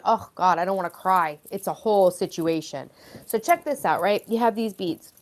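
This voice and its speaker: Speaking in a mid-range voice at a normal speed, the host of a live stream tapping series chats in a casual, earnest way. She rambles, leans heavily on fillers, and keeps encouraging her viewers.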